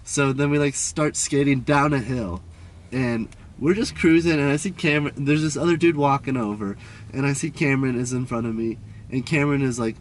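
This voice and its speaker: A man's voice: mid-range voice, brisk, a little hiss or hum. A young man co-hosting a podcast, laid back and full of surfer slang, retelling a run-in in casual chat. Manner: laid-back surfer slang, quotes people in raised voices. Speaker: podcast co-host.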